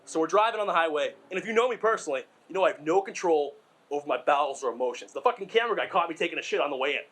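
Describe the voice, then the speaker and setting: Rapid-fire and animated, this young stand-up comedian from Massachusetts speaks with a fairly high, somewhat bright voice. He's winded as he rambles through coarse, self-mocking stories full of digressions and filler.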